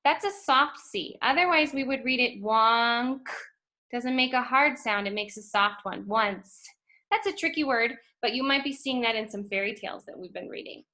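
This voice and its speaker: A woman teaching a phonics lesson to first graders, speaking slowly and clearly and stretching out letter sounds. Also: a little high, sharp tone. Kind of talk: phonics lesson for young children.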